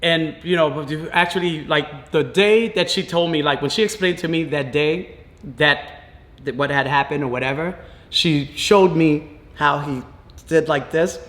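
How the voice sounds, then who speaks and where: Man retelling a painful story, halting. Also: a little high, a bit bright, roomy sound. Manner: halting, emotional retelling with fillers and restarts. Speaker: father telling his daughter's story. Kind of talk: personal storytelling to camera.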